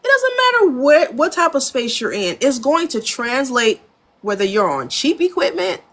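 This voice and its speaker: A woman's voice: high voice, moderate pace. An American woman, an audio engineer and producer, talking frankly in a casual interview, acting out studio exchanges and laughing often from her home studio. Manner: animated storyteller, acts out studio dialogue.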